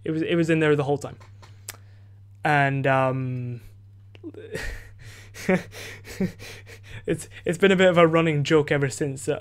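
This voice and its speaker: A man's voice: a little high, steady tone, normal speed, long pauses, clear, resonant tone. A teenage boy hosting his podcast, telling a story in a rambling casual way, full of fillers and restarts and casual swearing. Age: teens. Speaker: podcast host. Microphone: desk microphone.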